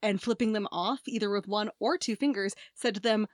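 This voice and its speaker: Young woman, podcast co-host, rapid jokey chat, dry close recording. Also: mid-range voice, no echo. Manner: quick, joking interjections and questions. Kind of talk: casual chat.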